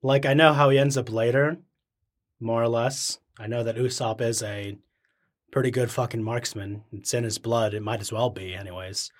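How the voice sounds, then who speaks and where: A man's voice: medium pitch, fairly even intonation, moderate pace. A man co-hosting a podcast, chatting in an offhand way with casual swearing. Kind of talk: casual chat.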